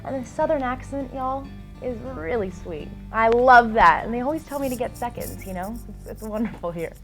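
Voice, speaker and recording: A woman's voice: fairly high pitch, animated, normal speed, soft background music. A woman in a travel vlog, bubbly and upbeat. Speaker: celebrity vlogger.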